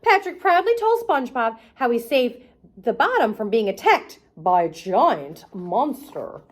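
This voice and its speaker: A woman's voice: on the high side, sing-song, unhurried. A woman hosting a children's arts and crafts show, reading a storybook aloud in a playful, sing-song way and talking to the kids directly.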